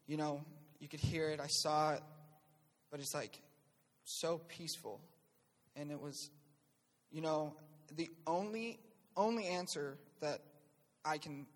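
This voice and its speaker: Higher-voiced man, casual storytelling. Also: long reverb tail. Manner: relaxed, conversational, acts out his own remarks. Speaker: guest recounting a personal experience. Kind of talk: casual spoken testimony.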